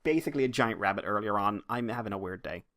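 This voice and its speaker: A man's voice: fairly low pitch, fast, fairly bright tone. An Irish man co-hosting a podcast in casual chat, rambling and ranting with free swearing. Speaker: podcast co-host.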